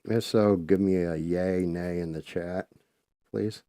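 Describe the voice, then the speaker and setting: Guy hosting a stream, lowish warm voice, loose and chatty, cusses a lot while painting. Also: fairly even intonation, slow pace, no room sound, clean studio sound. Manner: loose, chatty, swears freely. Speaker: livestream host. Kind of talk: casual live-stream chat while painting.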